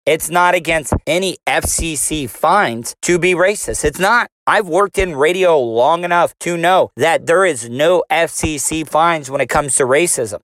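Guy ranting hard, swears a lot, keeps firing questions, kinda high voice, dry sound. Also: a bit bright, no echo. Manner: profane, combative, rhetorical questions. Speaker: commentator, former radio host. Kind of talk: ranting commentary.

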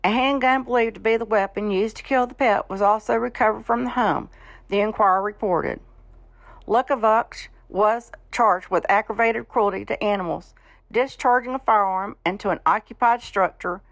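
A woman reading news stories on a radio show in a matter-of-fact, steady way. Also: medium pitch, normal speed, dry recording.

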